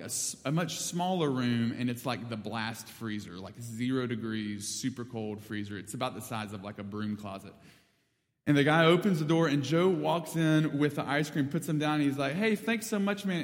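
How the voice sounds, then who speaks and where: A young man giving a sermon, telling a story with lively acted-out quotes before turning to scripture. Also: mid-range voice. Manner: animated storyteller, acts out quotes. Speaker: preacher. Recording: long reverb of a big hall.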